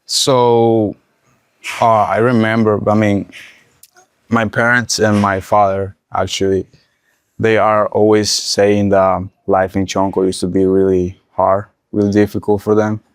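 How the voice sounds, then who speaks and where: Young man, Nicaraguan Spanish accent, low even voice, smooth tone, halting and restarting, casual interview. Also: no room sound, studio quality. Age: young adult. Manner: halting, restarts often while recalling.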